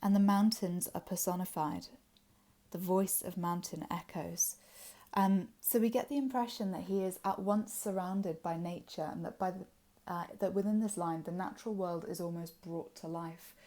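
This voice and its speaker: A woman teacher with an English accent explaining a poem in a revision lesson, pausing with frequent ums and uhs. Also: fairly low pitch, fairly even intonation, warm tone. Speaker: literature teacher.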